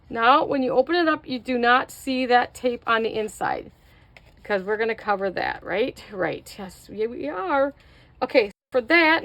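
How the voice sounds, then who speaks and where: A middle-aged woman with a somewhat high voice walks viewers through a craft project at home. She chats as she works and pokes fun at her own mistakes. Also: fairly bright tone. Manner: chatty, self-mocking, talks to viewers while working. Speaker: craft video host. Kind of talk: casual craft tutorial.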